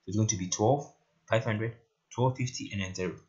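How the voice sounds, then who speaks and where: A man's voice: fairly low pitch, a little fast, darkish tone. A man talking through a screen-recorded coding tutorial in a casual way, often asking "right?" while he works. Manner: casual, repeats "right?" and "very interesting". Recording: lo-fi muffled mic. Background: keyboard typing and clicks.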